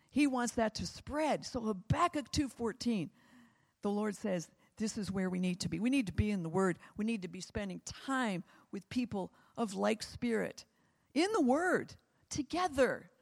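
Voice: mid-range voice, animated, measured pace, vocal fry, in a large hall. A preacher delivering a sermon that closes in prayer, with fervent, repetitive exhortation.

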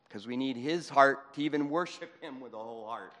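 A man preaching a fervent sermon in a church, moving between shouting and hushed speech. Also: fairly high pitch, lively intonation, normal speed, few pauses. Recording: long hall reverb.

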